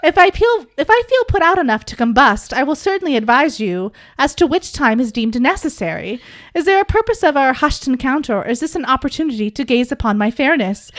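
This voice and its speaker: A woman voicing a young male vampire who talks like a stuffy, old-fashioned gentleman, pompous and theatrical. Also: sits high, sing-song, fairly quick. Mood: haughty.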